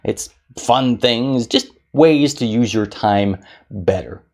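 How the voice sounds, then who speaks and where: Man, motivational talk to camera, gravelly voice, middle pitch, energetic, acts out moods. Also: takes it slowly. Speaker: keynote speaker and magician.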